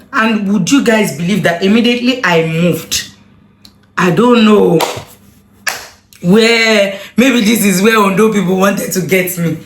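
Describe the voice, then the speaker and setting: A woman telling a personal story to her viewers, animated and full of exclamations. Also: medium pitch, reverberant. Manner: animated, emotional retelling with exclamations. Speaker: vlogger. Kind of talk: casual storytelling to camera.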